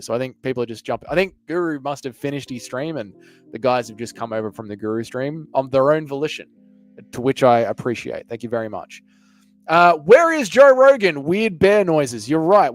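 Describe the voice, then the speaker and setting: A man runs a casual live stream, answering viewers' chat with crude, teasing banter. His voice sits slightly high, and faint music plays underneath. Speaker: livestream host reading chat.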